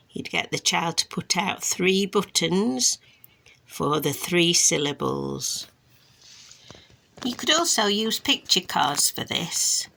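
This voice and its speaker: Slow gravelly woman explaining to parents. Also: lowish voice, sharp tone. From England. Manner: slow, careful modelling of words, exaggerated syllables. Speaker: speech and language therapist. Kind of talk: instructional demonstration for parents.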